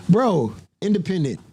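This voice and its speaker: A host speaks straight to the chat in a loose, profane commentary style and breaks into laughter again and again. The pitch swings widely from line to line. The sound is dry and close, with no room echo. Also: husky. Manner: laughs often, swears freely, animated. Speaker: livestream host. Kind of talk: casual livestream commentary.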